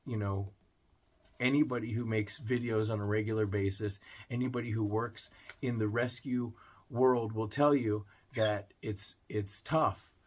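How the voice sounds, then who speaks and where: A man's voice: fairly low pitch, fairly even intonation, unhurried. A man hosting a pet video channel, talking to camera in an earnest, heartfelt way with small restarts. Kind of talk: casual vlog talk to camera.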